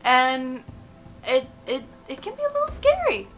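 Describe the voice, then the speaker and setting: A young woman in her twenties hosting a casual countdown vlog, chatty and animated, often giggling between points. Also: sits high, unhurried, soft background music, rough recording. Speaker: video host.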